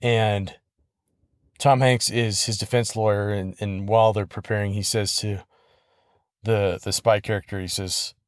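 A man hosting his own podcast, retelling a film story in a relaxed, conversational way with soft laughs and small restarts. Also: lowish voice, a little slow, dry recording, studio quality. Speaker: podcast host. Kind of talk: casual solo podcast storytelling.

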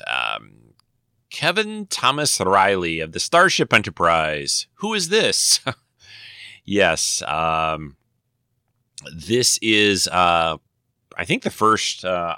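A man's voice: low-pitched, bright, forceful tone, clear, resonant tone, no room sound, clean studio sound. A man hosting his own podcast, chatting casually and rambling with many fillers and self-corrections. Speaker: podcast host. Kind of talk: casual chat.

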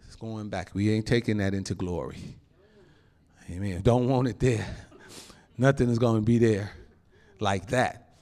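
A male pastor preaching a sermon in an animated, folksy way, laughing often and calling out to the congregation. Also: fairly low pitch, a little slow, long pauses. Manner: folksy informal phrasing.

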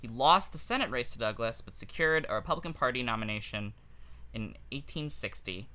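A man's voice: mid-range voice, animated, brisk, sharp tone. A man co-hosting a comedy podcast, telling a history story in a casual, jokey way and laughing at his own asides. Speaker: podcast co-host.

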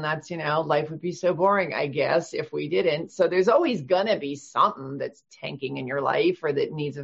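A talkative woman in her fifties sits as a guest in an interview, her voice on the low side for a woman. She rambles, restarts sentences and laughs easily. The audio is a little dull and lo-fi. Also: gravelly. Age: 50s. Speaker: author guest. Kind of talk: casual interview chat.

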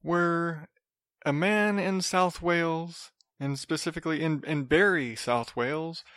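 Brief: higher-voiced male podcaster, rambling and wry, dry close sound. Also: measured pace, fairly bright tone, no room sound. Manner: rambling, repeats and restarts words, sarcastic asides. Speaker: podcast host. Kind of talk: casual solo podcast monologue.

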